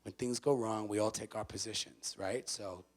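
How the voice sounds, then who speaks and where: A man speaking as a motivational speaker to a college audience. He is emphatic and repeats his key phrases, swinging from loud to hushed. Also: lowish voice, fairly even intonation, normal speed. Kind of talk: motivational talk to students. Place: college event before a student audience.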